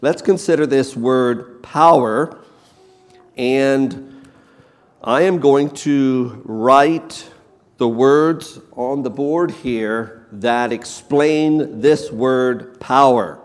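A male preacher delivers a sermon at an unhurried, deliberate pace, leaning hard on repeated words. His voice sits in the middle range. The sound trails off into a long hall reverb. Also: mid-range voice. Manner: slow, emphatic, repeats key words.

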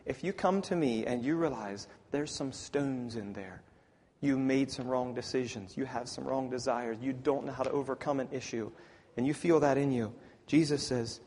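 A man preaching a sermon, swinging from loud emphatic lines to near whispers. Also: medium pitch, normal speed, long reverb tail.

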